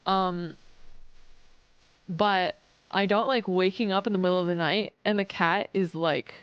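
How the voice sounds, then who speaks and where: A woman's voice: lowish voice, steady tone, unhurried, smooth, dry recording, muffled recording. A woman streaming live, chatting casually with viewers, reading chat aloud and swearing as she acts out customers.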